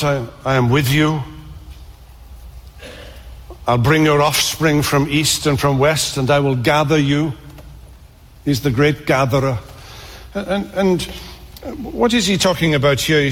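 Earnest male pastor, raised pitch, mid-sermon in a reverberant church. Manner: earnest, builds emphasis through repeated phrases. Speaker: preacher.

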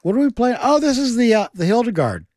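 A man's voice: extremely high pitch, big pitch swings, fast, a little mellow. A man hosting a radio music show, introducing records in a chatty way with many fillers. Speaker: radio host. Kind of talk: casual radio banter.

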